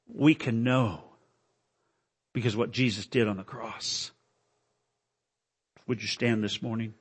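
A male preacher delivering a dramatic sermon at a church service, with emotional, pleading lines that climb high. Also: lively intonation, a little slow, long pauses, slightly rough. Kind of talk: dramatic sermon with recited poem.

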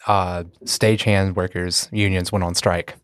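A man's voice: deep voice, flat delivery, unhurried, clear, resonant tone, dry recording, studio quality. A man with a sore throat, rambling through casual podcast chat with frequent restarts. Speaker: podcast guest.

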